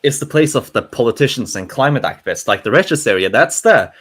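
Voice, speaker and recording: A man with a Norwegian accent talking in a casual online panel, animated and chuckling, often trailing off and restarting. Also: mid-range voice, fast, slightly rough. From Norway. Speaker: panel guest.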